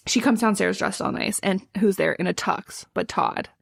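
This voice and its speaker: A woman's voice: mid-range voice, moderate pace, vocal fry. A young adult woman co-hosting a podcast, recapping a book's plot in casual chat, full of "like" and acting out characters' lines. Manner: chatty, fills with "like", acts out characters' lines. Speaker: podcast co-host.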